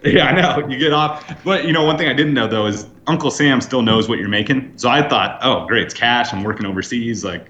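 A man's voice: mid-range voice, brisk, hardly any pauses. Man, 30s, podcast guest, chatty storyteller, roomy lo-fi sound. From United States. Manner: lively anecdotes with acted-out quotes. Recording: roomy, slightly dull sound.

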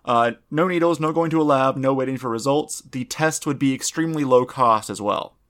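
A man's voice: medium pitch, fairly quick, a bit bright. A man hosting a casual podcast chat, rambling with many fillers and restarts. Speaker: podcast host presenting the topic.

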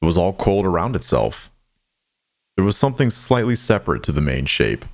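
A man narrating an audio drama in a measured, somber storytelling manner. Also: low voice, very animated.

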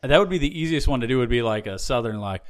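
A man's voice: mid-range voice, animated, fast talker. A man hosting a casual comedy podcast, rambling and joking with his co-hosts, often using filler words. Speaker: podcast host.

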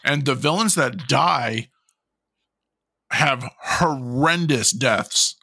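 A man with a bright, edgy tone chats about a film on a podcast, recorded dry and close. He is animated, drops casual swears, and tosses in fun facts. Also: mid-range voice, extremely slow, vocal fry, no echo. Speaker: podcast co-host. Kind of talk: casual movie review chat.

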